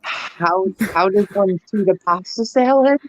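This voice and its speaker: A woman's voice: mid-range voice, unhurried, lo-fi sound. A woman co-hosting a live stream chat, answering with short, dry, laid-back remarks. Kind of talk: casual chat, short replies.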